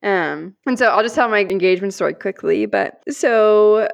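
Earnest woman with vocal fry. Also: mid-range voice, normal speed. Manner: animated storyteller, acts out quoted prayers and dialogue; earnest and heartfelt. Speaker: podcast co-host. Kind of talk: casual podcast storytelling.

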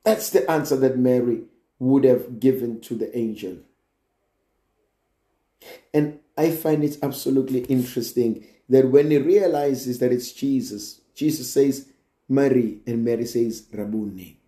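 A man delivers a sermon at an unhurried, deliberate pace. His voice sits a little high but has a dark, mellow tone. The sound rings with the echo of a church. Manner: slow, deliberate preaching with emphatic rises. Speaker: priest.

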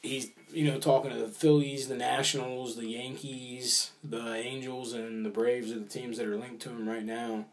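A man's voice: mid-range voice, flat delivery, normal speed, few pauses. A man co-hosting a casual sports talk show, rambling and hedging with fillers while he weighs baseball moves. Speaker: podcast co-host.

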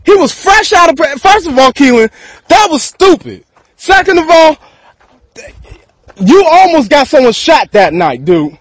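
A man's voice: very high-pitched, sing-song, unhurried, pauses often, no room sound, rough recording. A man from Texas, rambling through a profane freestyle rant to camera and laughing between thoughts.

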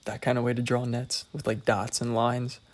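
A man's voice: mid-range voice, flat delivery, normal speed. A young man hosting his own podcast solo, talking casually in a rambling, self-deprecating, wry way.

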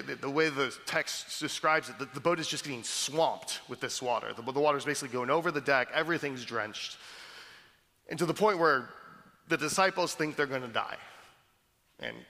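A man preaching a sermon in a conversational, animated way, often restarting his words. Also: on the high side, normal speed. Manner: conversational, animated, with frequent repeated starts. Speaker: pastor. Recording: reverberant hall.

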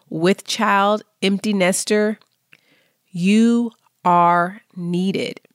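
A woman hosting a podcast, speaking slow, earnest affirmations. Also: mid-range voice, dry recording, studio quality. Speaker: podcast host. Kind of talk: slow motivational podcast talk.

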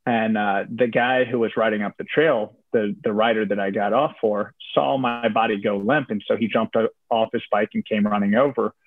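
A young man from Virginia telling a personal story in a casual interview, relaxed, with many fillers and restarts. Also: lowish voice, normal speed, few pauses, no room sound. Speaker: interview guest. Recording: tinny phone-like audio, dry.

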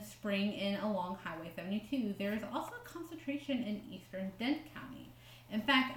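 A woman's voice: medium pitch, roomy sound. A woman co-hosting a casual podcast, reading quotes aloud with joking asides and frequent laughs. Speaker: podcast co-host.

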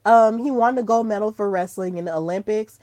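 A woman hosting her own podcast in casual solo chat, gushing and excitable, breaking into squeals when thrilled. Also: medium pitch, fairly quick, no echo. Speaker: podcast host.

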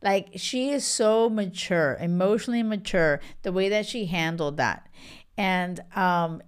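A woman's voice: medium pitch, measured pace, smooth. A woman hosting a casual reality show recap, chatty and gossipy, full of fillers and acted-out quotes. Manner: animated, gossipy, lots of fillers and quoted asides.

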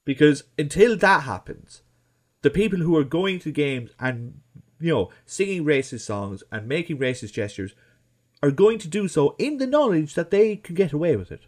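A man's voice: a little high, sing-song, normal speed, a little mellow. A man on a football podcast, talking emphatically and acting out what people should say. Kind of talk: casual football podcast chat.

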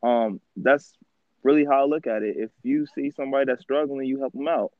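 A man's voice: medium pitch, steady tone, a little fast, dry recording, narrow, tinny audio. A man co-hosting a podcast, telling a story in casual slang and laughing as he goes. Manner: slangy, laughs through his stories. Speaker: podcast co-host.

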